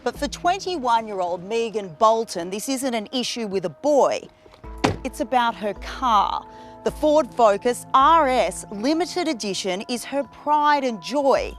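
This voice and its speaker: A woman's voice: on the high side, animated, unhurried, faint music behind. A woman reporter narrating a news story and questioning someone in a pointed way.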